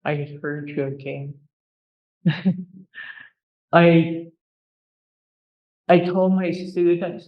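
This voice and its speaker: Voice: medium pitch, fairly even intonation, very slow, long pauses. A language teacher leading a classroom pronunciation lesson, drilling words by repetition, patiently correcting students and teasing them good-humouredly. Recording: dull lo-fi classroom recording.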